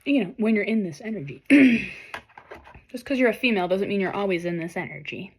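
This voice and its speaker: A young woman reads tarot cards for her viewers in a loose, animated way. She swears freely and speaks straight to the people watching, pushing them to go after their purpose. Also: mid-range voice, fairly quick, a little hiss or hum. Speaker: tarot reader. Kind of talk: casual tarot reading to camera.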